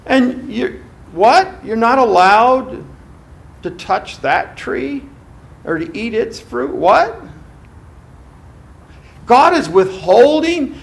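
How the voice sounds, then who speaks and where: A scheming, mocking male devil, as a preacher puts him on, swinging wildly in pitch and swelling loud. The voice has a gravelly, fried edge and the sly lure of a tempter in a sermon. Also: heavily acted.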